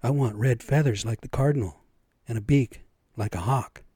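A man's voice: mid-range voice, normal speed, husky, no echo, studio quality, close to an everyday voice. A man playing a boastful, demanding owl. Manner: loud and insistent.

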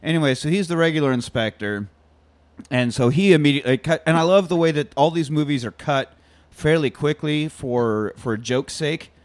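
A man's voice: on the high side, moderate pace, dry recording. A man hosting a casual chat, retelling a film scene by scene and swearing freely. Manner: profane, animated retelling with acted quotes. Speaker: podcast host.

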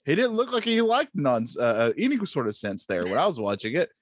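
Joking man, lively and a bit high. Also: fairly quick, no room sound, studio quality. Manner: joking, laughs at his own puns. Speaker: podcast co-host. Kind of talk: casual podcast banter.

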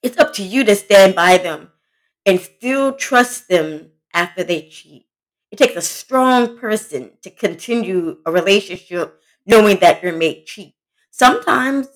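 A woman's voice: mid-range voice, big pitch swings, measured pace. A woman hosting a solo podcast, giving relationship advice in a blunt, emphatic, conversational way and talking straight to her listeners. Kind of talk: casual solo podcast talk.

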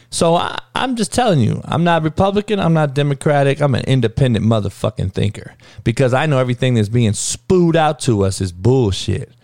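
A man's voice: medium pitch, animated, fairly quick, gravelly, a little mellow, no room sound, clean studio sound. A man hosting his own talk show, ranting heatedly and swearing constantly in street slang. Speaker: sports talk show host. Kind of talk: unscripted profane rant.

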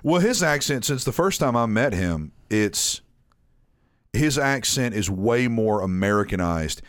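Animated man telling stories in a dry room. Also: medium pitch, unhurried, no room sound. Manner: animated storyteller, acts out quotes. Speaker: podcast co-host. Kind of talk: casual chat.

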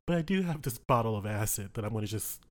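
A man's voice: fairly low pitch, lively intonation, quick pace. Playful male tabletop player. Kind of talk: casual tabletop role-play.

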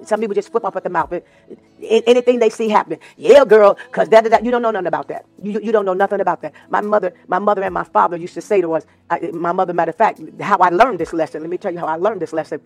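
A man's voice: high-pitched, very fast, dry recording, soft background music. A man preaching a sermon as a minister, repeating phrases for emphasis and at times slipping into sung lines. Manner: tells personal stories in an informal preaching voice. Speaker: minister of the gospel.

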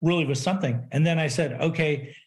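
Podcast guest, middle-aged man, slightly high voice, animated storyteller who acts out quotes. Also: a little fast. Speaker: podcast guest, business consultant. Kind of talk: casual interview storytelling.

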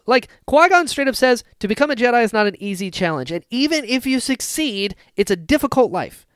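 A man co-hosting a casual fan podcast, talking excitedly and acting out scenes with sudden loud bursts. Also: extremely high pitch, fairly quick, clean tone, no echo, clean studio sound. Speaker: podcast co-host.

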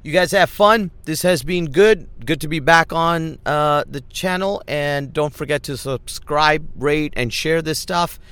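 A man's voice: fairly high pitch, measured pace, hardly any pauses, fairly bright tone, clean tone, no room sound. A man, a comedian and podcast host, telling a story in a rambling, self-deprecating monologue and laughing as he talks. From Middle East.

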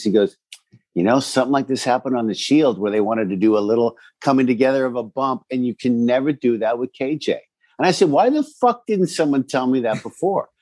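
A man co-hosting a casual chat, loud and profane, laughing as he tells stories. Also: medium pitch, no echo. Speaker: podcast co-host.

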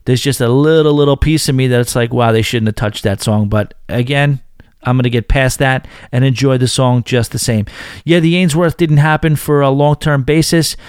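A man's voice: mid-range voice, moderate pace, darkish tone, clean tone, no echo, clean studio sound. Chatty man with a Northern New York accent. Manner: chatty, self-deprecating, interrupts emails with asides. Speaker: podcast host. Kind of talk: casual podcast chat reading listener emails.

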